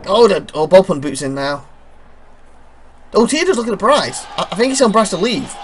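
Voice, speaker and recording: A host giving playful, excitable play-by-play commentary on a wrestling video game show. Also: medium pitch, normal speed, slight background noise. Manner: excitable, exclaims often.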